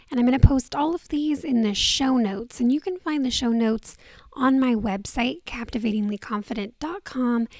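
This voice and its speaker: A woman hosting a podcast in a casual, soft-spoken talk, with a groggy morning voice that often drops to a breathy near-whisper, speaking into a handheld microphone. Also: a little high, no echo. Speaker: podcast host. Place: indoors on vacation.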